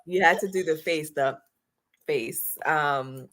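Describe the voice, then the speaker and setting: A woman with a notably low voice hosts a casual wrestling talk show. She talks bluntly and swears freely, pressing her opinions with energy. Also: takes it slowly, a bit bright. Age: adult, married. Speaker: podcast host.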